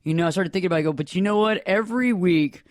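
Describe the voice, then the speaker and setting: Male talk host, upbeat and jokey, high voice, close dry studio sound. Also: racing, no echo. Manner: playful, motivational, jokey asides. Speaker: radio show host. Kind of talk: casual radio talk.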